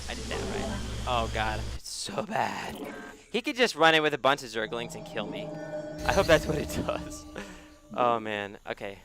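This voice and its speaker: A young man commentating his own strategy game match at home, rambling and mocking himself, with bursts of shouted frustration and swearing. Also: mid-range voice, animated, normal speed. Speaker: gameplay commentator. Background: background music.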